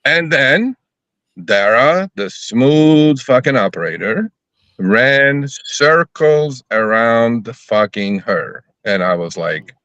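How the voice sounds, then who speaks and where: A man's voice: medium pitch, slow pace, no room sound, highs cut off. A man talking on a live podcast, heated and profane, acting out his phone calls with rideshare company staff. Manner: profane, animated storytelling, acts out phone calls. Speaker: rideshare driver advocate, guest. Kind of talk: heated casual podcast talk.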